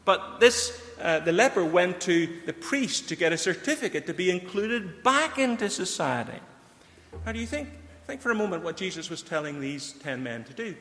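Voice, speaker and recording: Preacher in an echoing hall. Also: male voice, sits high, sing-song, normal speed, a bit bright. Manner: earnest, questioning the listeners directly. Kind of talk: sermon. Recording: long hall reverb.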